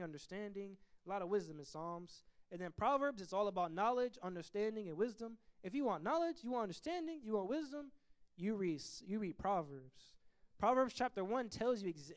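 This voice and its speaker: A man leading a Bible study, teaching in an animated way and acting out biblical figures in quick asides. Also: high-pitched, clean tone.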